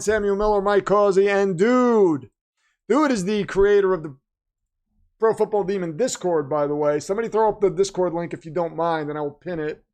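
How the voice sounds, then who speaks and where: A man hosting a live stream, reacting to a football game and chatting with viewers, swinging into announcer-style hype. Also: sits high. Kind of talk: casual live-stream commentary.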